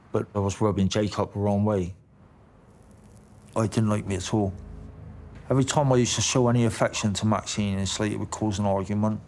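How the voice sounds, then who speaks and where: A man's voice: fairly low pitch, darkish tone, slight background noise. A man recounting past events in a blunt, informal way, swearing often. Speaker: interviewee.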